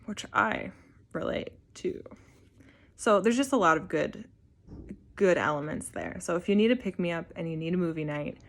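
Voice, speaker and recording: A young woman vlogger chatting casually, gushing and rambling with lots of filler words. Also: on the low side. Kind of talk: casual chat.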